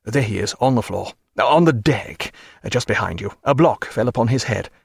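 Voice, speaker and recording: A man voicing a calm ship's doctor who reports in a measured, unhurried way. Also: mid-range voice, gravelly, breathy edge, no echo.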